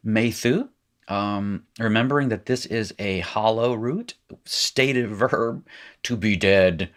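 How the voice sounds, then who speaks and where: A man's voice: lowish voice, takes it slowly. A man teaching a recorded language lesson, talking through exercises in a rambling way with restarts and wry asides.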